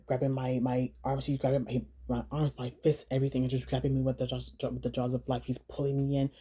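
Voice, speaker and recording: Woman, vlog storyteller, very dark voice, flat delivery, repeats herself, earnest. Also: a bass voice, breathy edge. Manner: halting, repeats words and phrases; earnest, urging viewers to slow down. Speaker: vlogger telling her own story.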